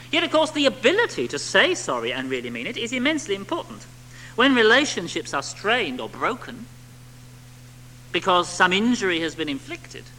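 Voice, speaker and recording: A man preaching a sermon to a congregation, animated, with rhetorical tag questions and little acted-out quotes. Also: high voice, slight background noise, low-quality recording.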